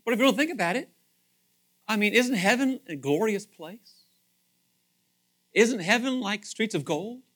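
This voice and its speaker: A male pastor delivering a sermon in a casual, talkative way, his voice sitting a little higher than most men's. He repeats phrases as he thinks aloud, pushing some words out loudly and dropping others to a hush. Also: a little slow, pauses often. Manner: conversational, animated preaching with frequent repetitions; swings between loud emphasis and hushed asides.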